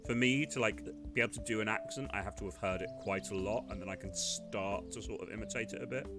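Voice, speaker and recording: A man's voice: on the low side, fast talker, over music. A man chatting wryly and self-deprecatingly while playing a game. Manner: wry, self-deprecating, laughs often. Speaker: game player.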